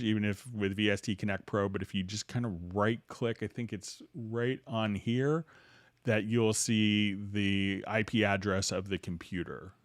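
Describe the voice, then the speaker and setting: A man hosting a livestream, walking viewers through music software and answering their questions in a loose, halting way with many restarts. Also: on the low side, dry recording. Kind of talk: casual screen-share tutorial, answering viewer questions.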